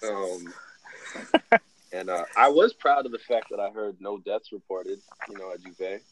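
A man's voice: lowish voice, measured pace, a little hiss or hum. A man chatting casually as a podcast co-host, laid-back and wry, often trailing off with ums. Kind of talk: casual chat. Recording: dull lo-fi sound.

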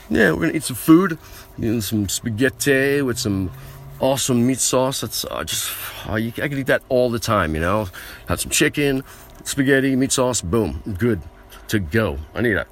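A man's voice: medium pitch, a little hiss or hum. A man hosting his own podcast, ranting in a boastful, brash, self-aggrandizing way from a small vehicle used as a mobile studio. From United States. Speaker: podcast host. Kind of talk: rambling comic rant.

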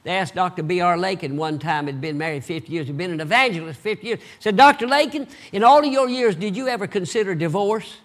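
High-voiced preacher in full sermon. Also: male voice, quick pace, few pauses. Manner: animated preaching, swings from loud bursts to low asides.

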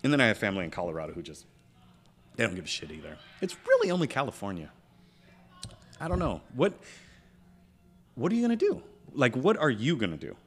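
A man's voice: medium pitch, wildly swooping pitch, brisk, long pauses, husky. Profane ranting man on a podcast. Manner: parent of a school-age child. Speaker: podcast co-host. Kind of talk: casual opinionated chat.

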